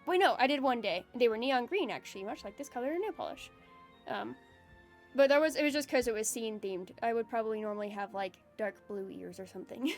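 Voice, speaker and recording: A woman VTuber streamer chatting casually on a live stream, excitable and emotional, swearing freely as she reads viewer messages. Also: on the high side, fairly quick, faint music behind.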